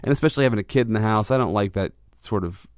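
Guy rambling on his own podcast, kinda low voice, dry close sound, lots of restarts. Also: rapid-fire, dry recording. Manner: rambling, self-reflective, frequent restarts. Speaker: podcast host. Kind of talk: candid personal monologue.

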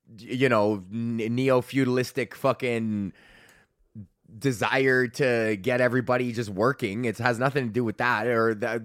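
A man's voice: mid-range voice, a bit bright, no room sound. Man, podcast host, casual rant, lots of swearing, self-amused laughs, dry close sound. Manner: swearing, rambling, laughs at himself. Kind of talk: casual ranting monologue. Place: home.

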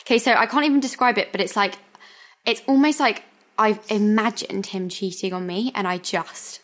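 A woman's voice: mid-range voice, normal speed, a bit bright. A young woman chatting casually as a podcast co-host, often laughing through her stories. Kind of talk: casual chat.

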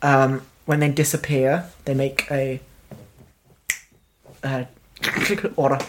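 A woman's voice: very deep voice, flat delivery, takes it slowly. A woman from Cornwall with a Cornish accent, co-hosting a podcast, reading out facts in giggly, rambling casual chat. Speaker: podcast co-host.

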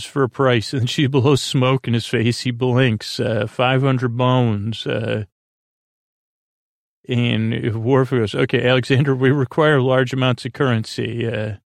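A man hosting a podcast, retelling an episode's scenes in a halting, rambling way with many fillers and restarts. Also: medium pitch, creaky, no room sound, studio quality. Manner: quick flat retelling of scenes and lines. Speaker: podcast host recapping an episode.

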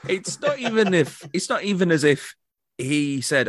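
A man's voice: a little high, very animated, normal speed, no room sound, studio quality. A man mocking a bad movie in casual podcast chat, sardonic and profane.

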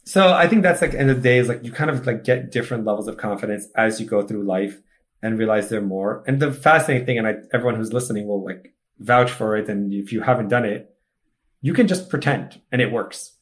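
A man's voice: on the low side, fairly quick. A man from Egypt with no foreign accent, a podcast guest talking casually and self-assuredly, full of "like". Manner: chatty, peppered with "like", upbeat and self-assured. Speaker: podcast guest, student mentor. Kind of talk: casual conversation.

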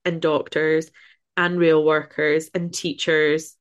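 A woman's voice: sits low, little pitch movement, clear, resonant tone. A woman co-hosting a podcast, wry and teasing in casual chat. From Scotland. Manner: wry, teasing, quick with jokes. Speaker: podcast co-host.

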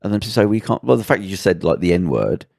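A man's voice: sits low, sing-song, quick pace, creaky, darkish tone, no room sound, clean studio sound. A man co-hosting a podcast, chatting casually in a rambling, opinionated way. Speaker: podcast co-host. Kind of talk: casual chat.

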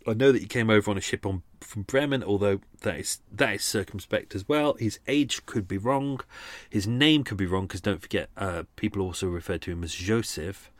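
A man's voice: lowish voice, fairly quick, dry recording. A man hosting a podcast, talking casually in a rambling, hesitant way with many restarts, then running a quiz. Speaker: podcast host.

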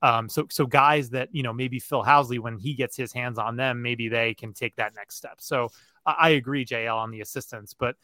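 A man hosts a sports podcast, thinking aloud as he talks. His tone is bright and forceful, at a middle pitch. The sound is dry and close. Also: fairly even intonation, normal speed, no echo. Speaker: podcast host. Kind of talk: casual sports chat.

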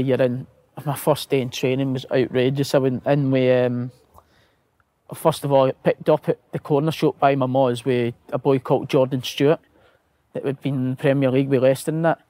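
A man's voice: mid-range voice, little pitch movement, moderate pace, dark tone, no room sound. A Scottish man, a footballer guest, telling anecdotes with laughter, swearing and acted-out quotes. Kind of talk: casual storytelling.

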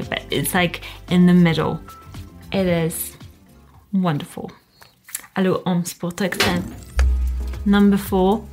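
A young woman doing a casual countdown review of fragrances, talking in a gushing, enthusiastic way with lots of fillers. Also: lowish voice.

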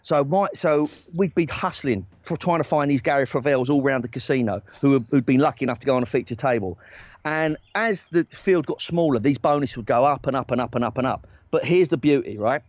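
A man who works as a talent agent, telling a story in casual chat, animated and rapid-fire, often checking in with "right?". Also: mid-range voice, no echo, muffled recording.

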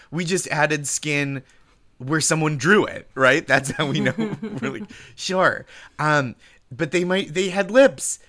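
Bright-voiced man cracking jokes. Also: on the high side. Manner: animated, laughs through his own jokes. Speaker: comedy podcast guest. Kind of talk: comedic panel banter.

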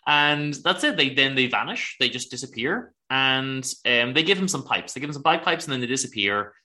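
A man's voice: mid-range voice, animated, a little fast, pushed and bright. A man co-hosting a podcast, casually retelling a TV episode and laughing often as he goes. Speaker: podcast co-host. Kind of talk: casual chat recapping a TV episode.

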